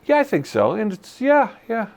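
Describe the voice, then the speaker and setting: Gravelly, lively-voiced man telling stories. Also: high-pitched, normal speed. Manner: animated storyteller who acts out quotes; laughs often. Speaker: podcast co-host. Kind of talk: casual chat.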